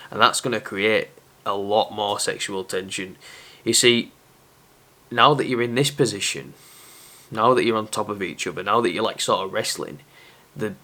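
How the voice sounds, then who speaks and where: Young man, somewhat low voice, casual to-camera advice, candid, chatty. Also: sharp tone. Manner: candid, chatty, self-aware. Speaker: dating advice presenter.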